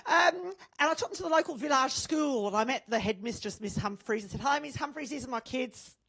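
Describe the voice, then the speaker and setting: Brash high-voiced Australian woman comic. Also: lively intonation, fairly quick, gravelly, breathy edge. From born in England, raised in Australia. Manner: brash, bawdy, loud punchlines. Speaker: stand-up comedian. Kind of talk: stand-up comedy routine.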